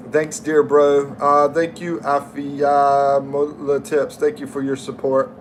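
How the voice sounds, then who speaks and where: A man's voice: a little high, a little hiss or hum. A middle-aged man from the United States hosting a casual livestream, reading viewers' comments aloud and chatting in a friendly way. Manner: slow, friendly, reads viewer names aloud. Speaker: livestream host.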